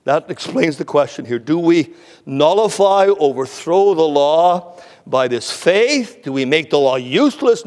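A man's voice: a little high, darkish tone, in a large hall. A man preaching an expository sermon, emphatic, repeating words for stress and often stammering on the first word.

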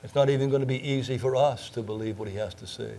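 A man's voice: mid-range voice, fast, dark tone. A man preaching a sermon, emphatic, repeating key phrases and asking rhetorical questions. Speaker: pastor.

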